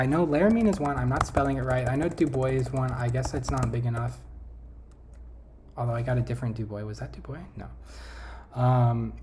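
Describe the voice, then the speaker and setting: Casual quiz-game chatter, hesitant, self-correcting, desk mic, faint background noise. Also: medium pitch. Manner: thinking aloud, trailing off, self-correcting. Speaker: vlogger. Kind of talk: casual talk over a map quiz game.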